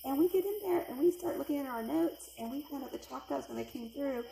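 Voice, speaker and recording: A middle-aged woman telling a personal spooky story, lively and acting out the voices of the people in it. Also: fast, vocal fry, slight background noise. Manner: animated, acts out quoted voices with big pitch jumps. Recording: echoey room with faint ambience.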